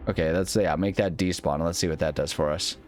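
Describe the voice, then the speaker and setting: A man's voice: low voice, fairly even intonation, a little fast, soft background music. A young man casually commenting on a video game as he plays, thinking aloud and rambling with lots of restarts. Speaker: let's play host.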